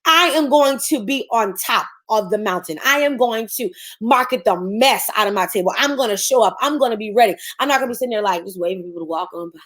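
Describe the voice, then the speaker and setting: A woman's voice: fairly high pitch, expressive, fast, few pauses, fairly bright tone. A woman business coach, teaching on a livestream in a sassy, preachy way and acting out mocking voices.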